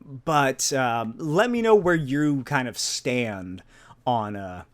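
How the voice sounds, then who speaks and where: A man's voice: medium pitch, animated, takes it slowly. A man hosting a solo podcast, rambling casually, swearing and laughing often. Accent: non-native or regional accent. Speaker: podcast host.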